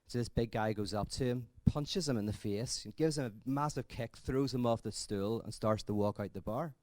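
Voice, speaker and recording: A man giving a conference talk in a conversational, thinking-aloud way, telling jokes with lively energy. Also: medium pitch, normal speed, no echo. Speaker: conference speaker.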